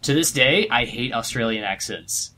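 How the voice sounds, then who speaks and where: A young man co-hosting a game playthrough, telling stories in a chatty, animated way with lots of fillers. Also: medium pitch, normal speed. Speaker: let's play co-host. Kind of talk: casual gameplay chat.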